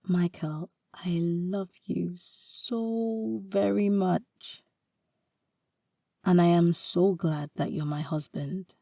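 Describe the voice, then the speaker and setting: A woman's voice: lowish voice, fairly even intonation, very slow, vocal fry, warm tone, no room sound, clean studio sound, distant mic, full character voice. A woman voicing a playful, teasing young wife with an exclaiming, questioning manner. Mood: tender.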